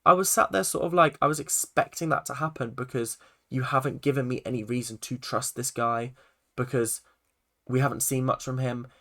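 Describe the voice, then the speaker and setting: Rambling man with a gravelly voice. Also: mid-range voice, steady tone, moderate pace, fairly bright tone. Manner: rambling, full of "like" and self-corrections. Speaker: film and TV reviewer. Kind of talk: casual spoken review.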